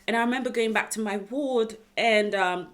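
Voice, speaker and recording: A woman's voice: on the high side, normal speed. Chatty young British woman telling a story. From United Kingdom. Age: 20s. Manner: chatty, expressive, speaks straight to viewers. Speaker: vlogger. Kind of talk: personal storytelling vlog.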